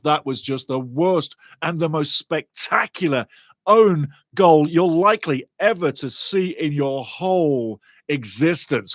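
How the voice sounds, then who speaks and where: A man giving lively, chatty live football watchalong commentary and greeting viewers in the chat. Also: on the high side, dry recording, clean studio sound.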